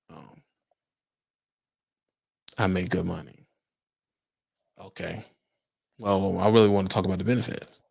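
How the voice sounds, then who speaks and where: Young trucker guy talking on his stream, punchy and emphatic, asks the chat stuff a lot, medium pitch. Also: lively intonation, moderate pace, vocal fry, pauses often. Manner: emphatic, rhetorical questions to his audience. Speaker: truck driver and livestream host. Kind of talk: casual livestream chat with viewers.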